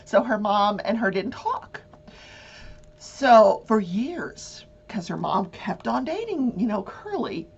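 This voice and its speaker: A woman hosts a casual true-crime talk, animated and quick to act out the people she describes. Her voice is husky and moves lively up and down. The recording sounds dull and lo-fi. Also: medium pitch. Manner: animated, acts out voices and swears. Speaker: talk show host.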